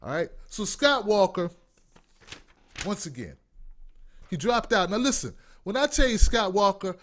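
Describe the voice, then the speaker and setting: A man's voice: high voice, big pitch swings, measured pace, fairly bright tone, slight background noise. A man from Washington, D.C., hosting a live call-in commentary show, reading viewer comments and ranting bluntly with lots of profanity. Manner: profane, blunt, mocking, no filter; reads viewer comments aloud. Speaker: host.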